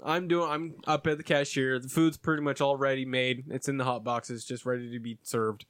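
A man's voice: fairly quick, dry recording, studio quality. A man telling a work story in casual podcast chat, swearing often and mimicking customers. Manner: animated, swears a lot, mimics customers in high voices. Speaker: podcast co-host.

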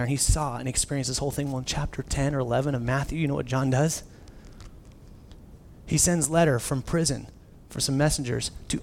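A man in his thirties preaching a sermon, telling stories with lively restarts. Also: mid-range voice. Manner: animated storytelling with many restarts. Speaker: pastor.

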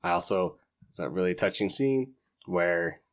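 A man's voice: low voice, measured pace. A man hosting a book podcast, chatting casually and enthusiastically in a rambling way, retelling scenes with laughing asides. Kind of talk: casual book review chat.

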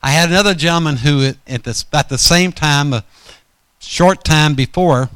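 A man's voice: fairly high pitch, normal speed, fairly bright tone, smooth, no echo. A man preaching a storytelling sermon in a folksy, rambling way, often correcting himself mid-sentence.

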